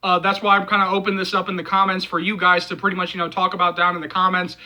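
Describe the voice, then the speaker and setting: A man's voice: high voice, level tone, very fast, bright, forceful tone, lo-fi sound. A man hosting a movie channel, talking passionately in casual video commentary, with lots of fillers and repetition.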